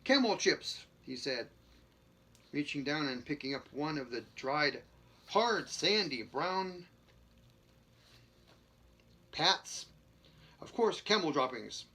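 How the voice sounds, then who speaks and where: Bright-voiced man reading a book aloud. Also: on the high side, slow pace, long pauses, slightly rough. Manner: stumbles and restarts, chuckles, adds jokey remarks between passages. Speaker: reader.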